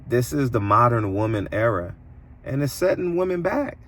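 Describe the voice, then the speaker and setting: Man, mid-range voice, emphatic, moralizing commentary, indignant rises in pitch. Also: very animated, moderate pace, a bit bright. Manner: preachy and emphatic, voice swinging high when indignant. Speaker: boxing commentator and interviewer. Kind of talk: opinionated commentary monologue.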